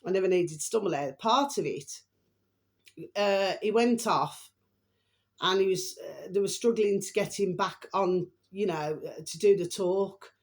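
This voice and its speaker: A woman's voice: medium pitch, measured pace. A woman hosting her own vlog, talking in a rambling, chatty way, often breaking off to apologize and to repeat a fond pet phrase to her viewers. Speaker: channel host. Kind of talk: rambling casual vlog chat.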